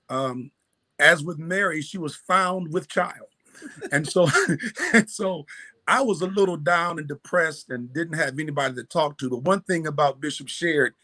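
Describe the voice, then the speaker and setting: A man's voice: a little high, fairly bright tone, no echo. A man giving a heartfelt birthday tribute to a friend, telling an earnest story full of restarts. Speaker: family friend and minister.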